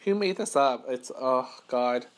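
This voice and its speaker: A man's voice: mid-range voice, animated, measured pace. A man from Western Canada, hosting a casual mukbang eating show from a hotel room and rambling, correcting himself and laughing between bites. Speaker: mukbang host. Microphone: camera mic.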